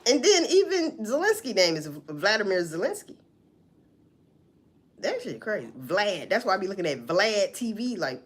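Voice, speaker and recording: Woman vlogger, lively up-and-down delivery, salty and unfiltered, commenting on the news in a loose, chatty way. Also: mid-range voice, normal speed, husky. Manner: profane, animated, talks back to herself.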